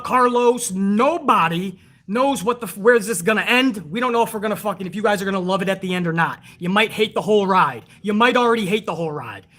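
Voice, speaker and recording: A woman hosting her own wrestling review show, ranting to viewers in a casual, heated way, swearing constantly and retelling events with rising excitement. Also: medium pitch. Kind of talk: casual profane review rant.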